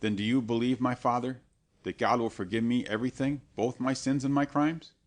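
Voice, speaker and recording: A man's voice: medium pitch, steady tone, a little fast, close to an everyday voice. A man reading an audiobook and voicing a dying nobleman who pleads in fear for forgiveness. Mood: pleading. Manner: anguished, imploring. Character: dying Renaissance lord, frightened and pleading man.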